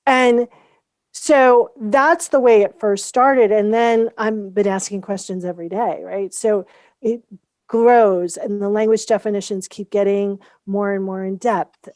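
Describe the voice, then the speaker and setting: Woman guest telling her story, mid pitch, acts out the quotes, dry close sound. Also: dry recording. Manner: animated storyteller acting out quoted dialogue. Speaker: guest, founder of a coaching method. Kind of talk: casual storytelling interview.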